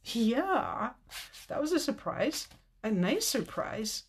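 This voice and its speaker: An older woman hosting a casual live craft stream, chatting warmly with viewers, teary with a slightly stuffy nose. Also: fairly high pitch, very animated, takes it slowly, slight background noise. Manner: chatty and tearful, reading viewer comments. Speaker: card-making video host.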